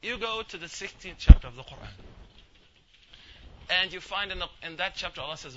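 A man's voice: high voice, lively intonation, fairly quick, pauses often, highs cut off, heavy background noise. A man giving a weekly religious lecture in a casual, joking way, acting out little stories and quotes. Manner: conversational and humorous, acts out quotes in asides. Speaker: Islamic lecturer.

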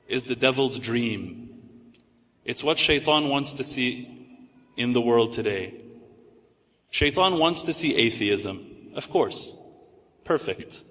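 A man's voice: medium pitch, a bit bright. Male preacher, mid-range voice, rhetorical lecture delivery with Arabic terms, long hall reverb. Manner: rhetorical, slows down for emphasis, sprinkles Arabic terms. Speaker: Muslim preacher. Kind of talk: religious lecture.

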